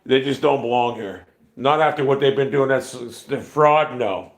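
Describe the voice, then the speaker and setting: A man in his fifties hosts a casual livestream, speaking at normal speed in a mid-range voice. He comes across as profane, rambling and irritated.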